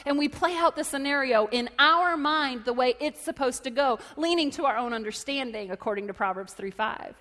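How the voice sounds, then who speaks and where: A woman preaching a sermon to a congregation, telling lively stories and acting out voices and shouts. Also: high-pitched, normal speed, few pauses. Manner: animated storytelling, acts out voices and shouts. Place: church hall. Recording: long hall reverb.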